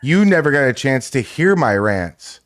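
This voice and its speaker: A man's voice: mid-range voice, big pitch swings, moderate pace. A man co-hosting a live stream, joking around, laughing often and stammering over restarts. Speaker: streamer co-host. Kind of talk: casual live-stream banter.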